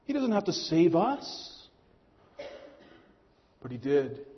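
A man's voice: fairly high pitch, sing-song. Male pastor, earnest sermon delivery, muffled recording with hall reverb. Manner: earnest preaching, slowing on key phrases. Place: church hall. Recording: muffled long hall echo.

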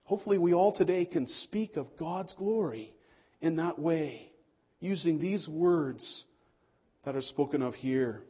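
A man preaching a sermon to his congregation as pastor, swelling on key lines and dropping low and slow for emphasis. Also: slightly rough, lo-fi sound.

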